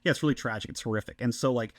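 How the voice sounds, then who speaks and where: A man, co-hosting a casual podcast and telling stories in an excited, animated way with many restarts. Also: mid-range voice, racing, no echo. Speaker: podcast co-host.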